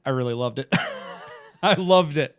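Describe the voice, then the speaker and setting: A man's voice: medium pitch, a little slow, smooth, no echo, clean studio sound. A man co-hosting a podcast in casual chat, laid-back and joking, laughing often and swearing freely. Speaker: podcast co-host.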